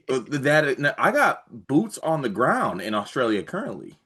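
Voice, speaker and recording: Lively rambling man in sports chat. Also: mid-range voice, unhurried, husky. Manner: rambling, jokey, many "like" fillers. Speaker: sports podcast co-host.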